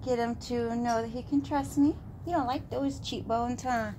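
A woman's voice: on the high side, steady tone, moderate pace, mellow, slight background noise. A woman animal rescuer giving a casual vlog update outdoors, out of breath and cooing in baby talk to a dog.

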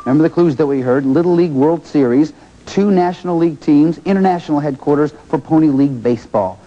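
A man hosting a TV game show, energetic and encouraging, repeating each contestant's answer. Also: fairly high pitch, fast, highs cut off.

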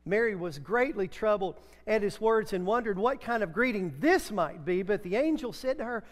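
A man's voice: high voice, animated, moderate pace, hardly any pauses, in a large hall. A middle-aged man preaching a sermon in a church, telling chatty stories and sometimes breaking into a few sung lines. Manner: chatty storytelling, breaks into song. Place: church sanctuary.

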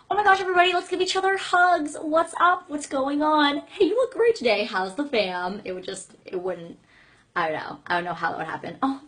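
A woman's voice: mid-range voice, slightly rough. A young woman in her twenties chatting casually with fans on a livestream, bubbly and gushing. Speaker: singer on a fan livestream.

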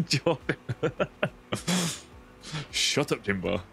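A man with a Lancashire English accent, from northwest England near Yorkshire, live-streams a game while bantering and greeting viewers by name. His fairly low voice is expressive and brisk, with faint music behind him.

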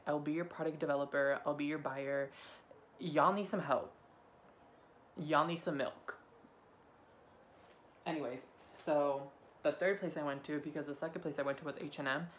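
A man's voice: fairly high pitch, a little hiss or hum. Tipsy, sassy young man vlogging. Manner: campy, profane and sassy; rambling, offhand delivery. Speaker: haul vlogger. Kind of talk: casual shopping haul vlog.

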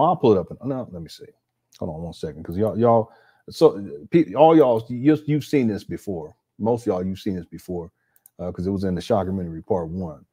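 A man's voice: on the low side, warm tone, husky. A man giving casual, sarcastic commentary straight to his viewers, with frequent restarts. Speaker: online commentator.

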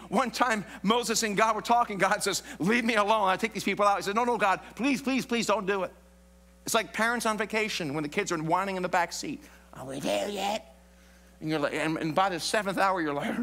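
A pastor preaching live in a church sanctuary, a man with a high, ringing voice. He keeps it animated and playful and teases the congregation as he goes. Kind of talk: sermon. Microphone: live broadcast mic.

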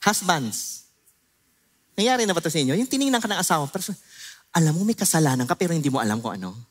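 Animated Filipino-accented pastor preaching. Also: male voice, a little high, rapid-fire. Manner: animated, mixes Tagalog and English, jokes with the congregation. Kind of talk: sermon. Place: church service.

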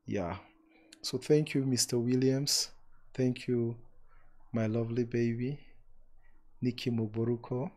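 A man hosting a live-streamed relationship talk, speaking warmly and emphatically to online viewers, repeating words for stress and closing with preacher-like blessings. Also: mid-range voice.

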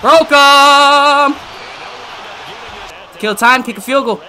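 A man giving live commentary on his own football video game match, trash-talking and cursing at his online opponent and often yelling. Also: very high voice, drawn-out words, a little hiss or hum. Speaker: gaming YouTuber.

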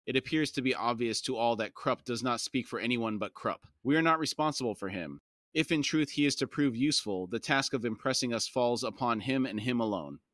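A man reading the part of a calm male diplomat who speaks in a soothing, measured way. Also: medium pitch, no echo, studio quality, lightly acted.

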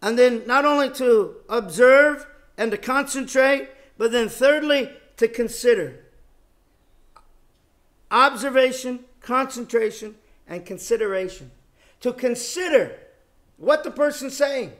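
A middle-aged man giving a Bible lecture, speaking in a measured way and repeating key phrases for emphasis. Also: very high voice, a bit bright. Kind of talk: sermon.

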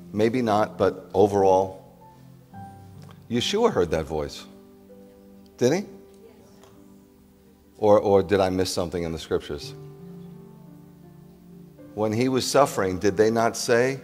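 Male rabbi, deep voice, conversational sermon that builds to emphatic questions; reverberant hall. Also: darkish tone. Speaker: rabbi preaching.

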